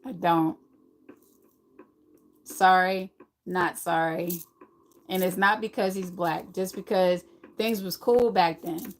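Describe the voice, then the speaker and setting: A middle-aged American woman with a slight lisp hosts a casual livestream, chatting as she reads viewers' messages aloud and answers them. Her fairly low voice stays steady, and she speaks slowly with frequent pauses. The recording is rough.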